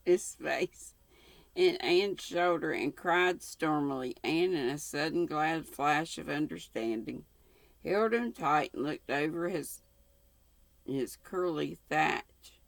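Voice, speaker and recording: A Southern US woman in her sixties reading a novel aloud in a folksy, unhurried way as the channel host. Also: low-pitched, creaky, no echo. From North Carolina. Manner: folksy, unhurried, with colloquial sign-offs. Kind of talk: homespun read-aloud of a novel.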